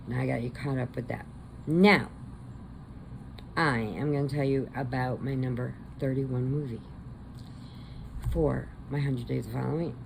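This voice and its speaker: Low, gravelly, unhurried woman chatting. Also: background noise. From American Midwest. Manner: chatty storyteller, animated quotes. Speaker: crochet vlogger. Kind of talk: casual chat.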